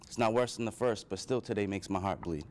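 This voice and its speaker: A man's voice: on the low side, fast talker, slight background noise. A man speaking to a live audience, telling his own childhood story with earnest emotion. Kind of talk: personal storytelling speech.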